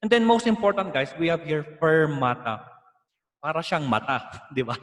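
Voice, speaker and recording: A man's voice: a little high, sing-song, moderate pace, fairly bright tone, big-room sound. A man with a Filipino accent teaching an online music lesson, explaining patiently and slipping in Tagalog asides.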